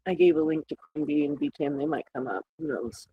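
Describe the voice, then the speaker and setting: This livestreamer talks fast in a low, creaky voice, greeting viewers by name and laughing at her own sarcastic jokes during casual chat. The audio has its highs cut off and carries a little hiss or hum.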